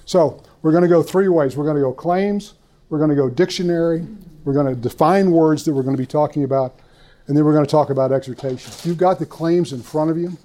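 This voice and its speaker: A man's voice: on the high side, a little fast, warm tone. An older man giving a folksy, rambling church teaching talk to a room of people, with stories, restarts and repeated words. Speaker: speaker at a church conference.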